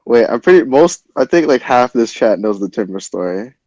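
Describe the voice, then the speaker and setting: Animated young man telling a wild story. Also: medium pitch, no echo, muffled recording. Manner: animated, swearing, quick retelling. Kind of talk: casual storytelling.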